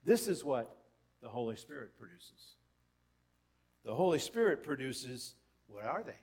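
A man's voice: very animated, unhurried, darkish tone. A man preaching a sermon as pastor, conversational with asides and rhetorical questions, his voice rising for emphasis. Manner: lists in a lowering voice, rises for emphasis.

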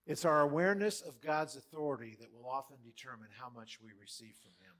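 A man preaching a sermon in a church hall, animated and dramatic, with big swings in loudness as he acts out quotes. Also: mid-range voice, a little fast, few pauses. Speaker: pastor.

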